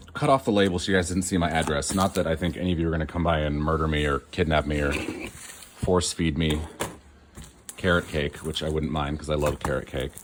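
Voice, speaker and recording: A man in a cold garage, rambling casually through an unboxing with joking asides. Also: extremely low pitch. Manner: chatty and rambling, self-mocking asides. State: cold, shivering. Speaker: online reseller.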